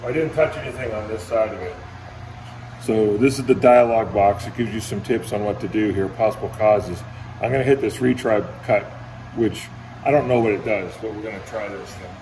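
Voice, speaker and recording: A man's voice: fairly low pitch, moderate pace. A man in a casual workshop vlog, walking through a plasma cutter run and thinking aloud with restarts in a plain, practical way. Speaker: maker demonstrating a CNC plasma cutter. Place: indoor workshop. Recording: roomy echo with steady background noise.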